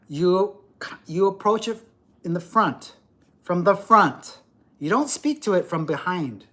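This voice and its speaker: A man's voice: high-pitched, lively intonation, slow, sharp tone. A middle-aged man ranting profanely and lecturing on a livestream. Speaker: livestream host. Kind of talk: livestream rant.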